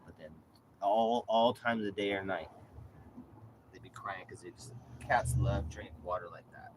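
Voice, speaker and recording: A man with a low voice, talking off the cuff in a loose, rambling way. He swears freely and drifts between chatter and gentle pet talk, with a faint hum of noise behind him. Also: normal speed. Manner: rambling and profane, shifts into soft coaxing pet talk. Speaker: vlogger. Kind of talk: casual monologue while caring for his cat.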